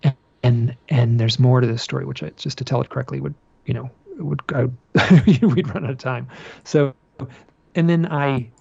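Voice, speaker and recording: A man being interviewed about a personal experience, telling it as an animated story, often repeating phrases and restarting his sentences. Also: medium pitch, moderate pace, creaky, slightly rough, no echo, lo-fi sound. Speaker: podcast guest.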